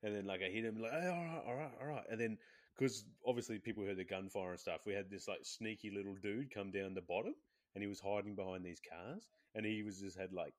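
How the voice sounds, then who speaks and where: Low-voiced guy telling game stories. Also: a little fast. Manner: animated storyteller, acts out quotes in high voices. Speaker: podcast co-host. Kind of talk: casual gaming chat.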